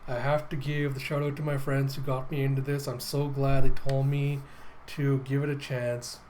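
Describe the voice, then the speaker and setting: A man hosting a casual comic readthrough, excitable and enthusiastic, laughing often. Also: mid-range voice, normal speed, a little hiss or hum, rough recording. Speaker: host.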